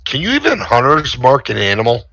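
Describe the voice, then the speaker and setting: A man's voice: mid-range voice, huge pitch swings, a little fast, sharp tone, no room sound, dull audio. A man playing a ranger in a tabletop game, chatting casually and jokingly with stumbling restarts over an online call. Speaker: player.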